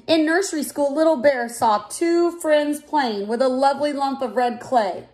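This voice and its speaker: A woman reading a children's picture book aloud in a clear, expressive way. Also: high voice, normal speed. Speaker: storyteller.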